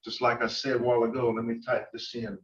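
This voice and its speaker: A man explains grammar in an online language lesson, pausing often and filling gaps with uh. His voice sits at an ordinary pitch but comes through muffled and somewhat distant from the mic. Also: monotone. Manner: slow and halting, many uhs. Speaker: language teacher.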